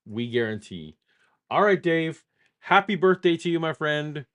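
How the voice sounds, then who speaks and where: A man's voice: fairly high pitch, expressive, a little slow, fairly bright tone. Man co-hosting and wrapping up a live show. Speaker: co-host. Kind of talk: casual chat.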